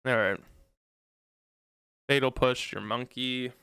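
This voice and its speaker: Man, casual card game commentary, slow and smooth delivery, pleads and groans at every bad draw. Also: mid-range voice, steady tone, no room sound, studio quality. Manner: pleads and groans at bad luck, loud anguished outbursts. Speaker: gameplay commentator.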